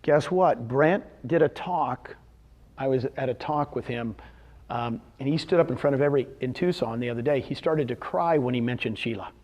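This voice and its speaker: A man's voice: mid-range voice, moderate pace, darkish tone. A man speaking to a live audience at a real estate seminar, telling success stories animatedly and firing rhetorical questions at the crowd. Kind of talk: motivational talk to an audience.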